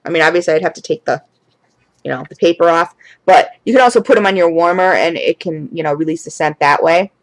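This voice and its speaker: A woman's voice: fairly low pitch, quick pace, no room sound, poor audio. Chatty lady unboxing stuff on her vlog, super gushy and emotional, dry close sound. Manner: effusive and gushing, often close to tears; chatty, addresses viewers as guys. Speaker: candle and wax hobby vlogger.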